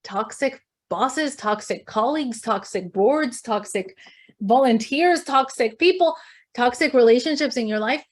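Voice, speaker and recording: A middle-aged woman leading a leadership workshop, questioning her audience and telling stories in an animated way. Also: a little high, unhurried. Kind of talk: interactive talk to an audience.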